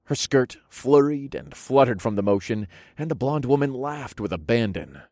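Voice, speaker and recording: A man narrating a first-person fantasy audiobook with expressive storytelling, softening for intimate moments. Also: medium pitch, normal speed, no room sound, clean studio sound.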